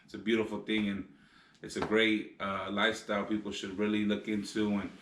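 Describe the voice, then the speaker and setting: A man's voice: on the low side, completely flat delivery, fairly quick, fairly bright tone, roomy sound, slight background noise. A man co-hosting a casual vlog, rambling with lots of filler phrases as he talks. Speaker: vlog co-host. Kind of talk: casual chat.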